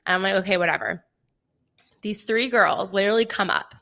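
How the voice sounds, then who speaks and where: A young woman with a bright, medium-pitched voice tells a story fairly quickly as a podcast co-host in casual chat. She's animated, acts out quoted dialogue, and says "like" often.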